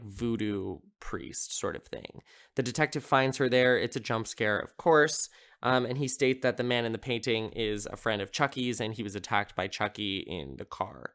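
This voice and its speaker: A man's voice: medium pitch, fairly bright tone, clean tone. A man hosting a podcast, casually recapping a horror film in a rambling, amused way, with lots of filler words. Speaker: podcast host.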